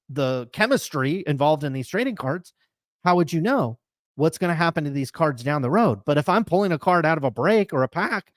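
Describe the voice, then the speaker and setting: A high-pitched man hosts a live sports card talk show, chatting casually and opinionatedly in an emphatic, rambling style full of piled-up comparisons. The sound is clean studio audio with no echo.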